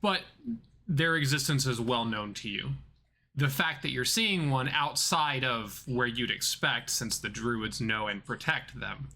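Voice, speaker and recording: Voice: medium pitch, animated, pushed and bright. A game master from southern North Carolina, narrating a tabletop game with many restarts and fillers. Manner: halting, many restarts and fillers while describing.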